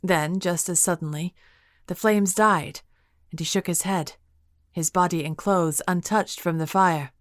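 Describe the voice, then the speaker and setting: Woman audiobook narrator, lower register, measured delivery, dead-dry booth. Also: dry recording. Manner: steady, measured storytelling. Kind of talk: scripted first-person audiobook narration.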